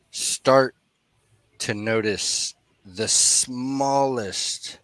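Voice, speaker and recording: A young man narrating as dungeon master in a tabletop game, slowly setting the scene for the players. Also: on the low side, fairly bright tone, no room sound.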